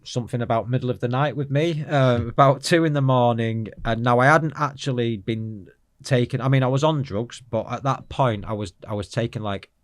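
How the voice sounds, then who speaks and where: A man's voice: medium pitch, fairly quick, no room sound. A man speaking as an interview guest, telling his life story in an earnest, frank and rambling way.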